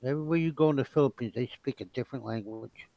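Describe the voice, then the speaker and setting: A man's voice: mid-range voice, fast, vocal fry, dry recording, lo-fi sound. A man from the United States in a casual group chat, talkative and insistent, often laughing.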